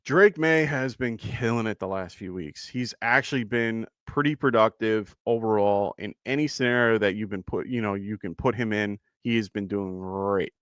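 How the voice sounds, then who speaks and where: A man hosting a live fantasy football stream, chatty and quick to laugh as he thanks viewers. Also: fairly low pitch, fairly bright tone, dry recording, clean studio sound. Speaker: fantasy football show host. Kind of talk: live-stream casual chat.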